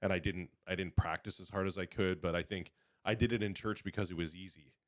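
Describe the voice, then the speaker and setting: A man's voice: low voice, fairly even intonation, fast, no echo, studio quality. A young man hosting a podcast, chatting casually and rambling with many restarts. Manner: rambling, self-correcting. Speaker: podcast host. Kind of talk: casual chat.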